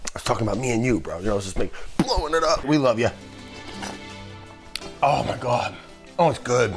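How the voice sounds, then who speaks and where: A man's voice: medium pitch, lively intonation, fast talker, long pauses, faint music behind. A middle-aged man hosting a casual cooking demonstration in a kitchen, enthusiastic and jokey, with the odd swear and asides to the crew. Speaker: cooking show host.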